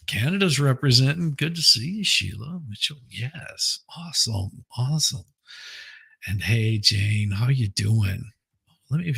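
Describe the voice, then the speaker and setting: A man's voice: mid-range voice, vocal fry, pushed and bright, breathy edge. A man hosting a casual livestream, chatting and greeting viewers one by one with frequent restarts. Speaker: livestream host. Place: home, indoors.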